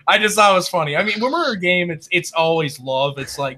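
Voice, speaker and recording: A man in loose group banter on a gaming podcast, swearing freely and teasing his friends. His voice sits a little high and sounds bright and tense. He talks loud and laughs at his own jokes. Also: fast talker, few pauses. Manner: loud, profane, laughing ribbing. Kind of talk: casual group chat.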